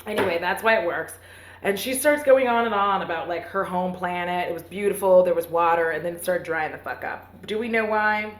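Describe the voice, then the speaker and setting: A woman's voice: fairly low pitch, fairly quick. A woman hosting a comedic movie recap, rambling and profane with lots of fillers and self-mocking asides. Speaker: host. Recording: roomy echo.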